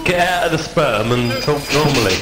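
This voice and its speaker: Man gamer on a headset, crude and mocking, music loud under him. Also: fairly high pitch, animated, fairly quick, poor audio. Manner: mocking, swearing, laughs a lot. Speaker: video host and player. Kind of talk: casual game voice chat.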